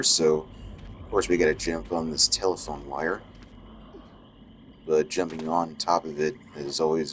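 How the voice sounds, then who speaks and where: A man with a low-sitting, fairly bright voice provides let's play commentary, with slight background noise present. As he plays a video game, his remarks are wry, sarcastic, and nitpicky.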